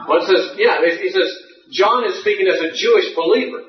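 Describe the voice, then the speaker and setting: A man's voice: high-pitched, moderate pace, few pauses. A man teaching a Bible class, reasoning through a passage and answering questions, thinking aloud with occasional fillers. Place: classroom or lecture hall. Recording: far-off, echoey, muffled lecture recording.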